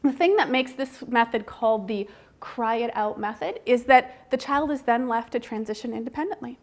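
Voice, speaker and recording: A woman's voice: fairly high pitch, normal speed. A woman researcher giving a seminar talk in a conversational manner, often checking in with the audience with tag questions. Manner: acts out parents' lines in a soft whisper.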